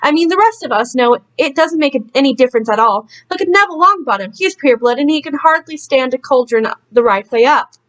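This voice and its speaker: A woman reading aloud, voicing a sick, hoarse schoolboy. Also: sits high, lively intonation, a little fast, few pauses, a bit bright, lo-fi sound. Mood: indignant.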